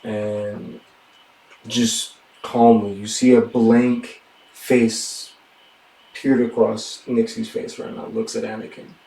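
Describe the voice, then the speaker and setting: A man narrating a tabletop game as game master, in slow, hushed, deliberate narration, recorded in a roomy space from a distant mic. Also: on the low side, level tone, creaky.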